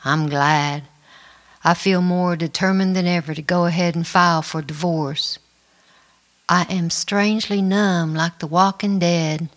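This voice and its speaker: A middle-aged woman narrating her own life story in the first person, quiet and reflective. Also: on the low side, steady tone, measured pace. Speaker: memoir narrator. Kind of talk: first-person memoir reading.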